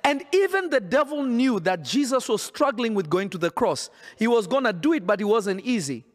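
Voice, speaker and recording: A man's voice: very high-pitched, sing-song, moderate pace. A man preaching a sermon in an emphatic, insistent way, often repeating his phrases.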